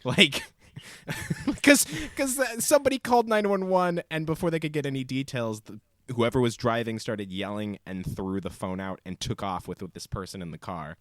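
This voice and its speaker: A man's voice: mid-range voice, moderate pace, fairly bright tone, dry recording, clean studio sound. A man co-hosting a podcast, telling a story casually with many ums and acted-out quotes. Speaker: podcast co-host.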